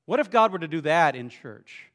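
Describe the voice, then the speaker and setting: A man's voice: on the high side, very animated, moderate pace, fairly bright tone, big-room sound. A man preaching a sermon in a church, joking playfully with his congregation as he leads a show-of-hands vote. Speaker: pastor. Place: church sanctuary.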